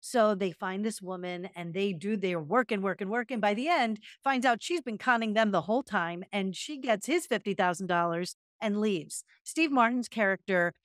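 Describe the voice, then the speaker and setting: A woman co-hosting a podcast in casual chat, retelling stories with lively energy. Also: mid-range voice, normal speed, few pauses, no echo, studio quality. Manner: animated storyteller, retells scenes with energy. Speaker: podcast co-host.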